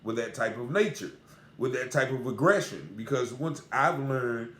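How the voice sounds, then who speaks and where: A man's voice: medium pitch, animated, normal speed, a bit bright. A man earnestly recounting a personal encounter in a casual, repetitive, conversational way. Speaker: storyteller. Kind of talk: casual spoken account. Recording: roomy echo.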